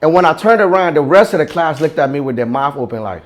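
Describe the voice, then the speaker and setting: A man's voice: on the high side, lively intonation, fast talker. A man from Ghana, a fashion entrepreneur, telling his story in an interview with passion and emphasis, acting out the voices he quotes.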